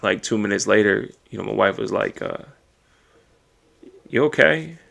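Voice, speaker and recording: A man talking alone on his podcast in a heavily gravelly, fry-filled voice. His tone is raw and emotional, with frequent swearing, as he works through his thoughts out loud. His voice sits a little low. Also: completely flat delivery, brisk. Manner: raw, emotional and profane, thinking aloud. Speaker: podcast host. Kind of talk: personal monologue.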